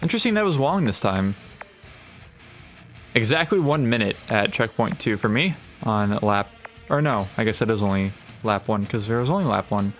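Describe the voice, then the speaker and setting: A man's voice: on the low side, animated, moderate pace. Man rambling over racing game music. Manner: rambling, thinking aloud, wry asides. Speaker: gaming channel host. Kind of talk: casual game playthrough commentary. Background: racing game sounds and music.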